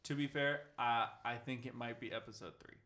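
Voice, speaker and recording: A man's voice: mid-range voice, steady tone, a little fast, sharp tone. A young man in casual chat with friends, rambling and swearing, often laughing.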